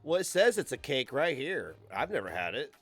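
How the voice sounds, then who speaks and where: A man's voice: mid-range voice, big pitch swings, moderate pace, a bit bright, dry recording, soft background music. An American young man streaming from his computer, chatting in a rambling, crude, sarcastic way. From United States. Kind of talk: casual stream chat. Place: home computer setup.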